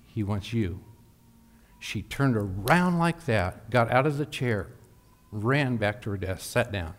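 A man's voice: medium pitch, animated, a little slow. A man preaching a sermon, telling a personal story with emphatic asides to the congregation. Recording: long hall reverb.

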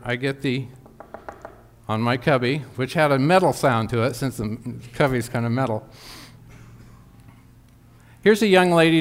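A man preaching a sermon, telling a personal story with emphatic asides to the congregation. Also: mid-range voice. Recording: long hall reverb.

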